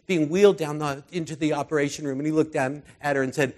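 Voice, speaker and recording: A man preaching a sermon through personal stories, earnest and heartfelt, his voice often dropping soft and quiet. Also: fairly high pitch, steady tone, fast.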